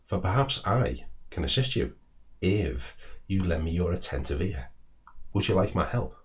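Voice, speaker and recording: A wise old storybook owl, as a man puts him on, slow and deliberate with a clipped, proper manner. The voice stays deep and low. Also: sing-song. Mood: measured. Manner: measured, deliberate, clipped upper-class tone.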